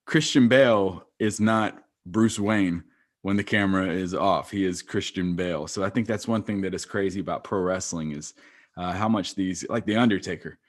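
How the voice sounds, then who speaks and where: A man's voice: sits low, moderate pace. A man hosting a podcast, asking long rambling questions in a casual chat. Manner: rambling, many fillers and restarts. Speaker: podcast host.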